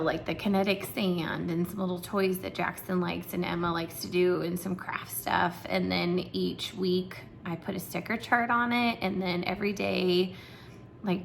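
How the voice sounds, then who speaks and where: Chatty preschool teacher, gravelly woman. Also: mid-range voice, slight background noise. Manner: chatty, encouraging, many fillers. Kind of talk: casual explanation to parents.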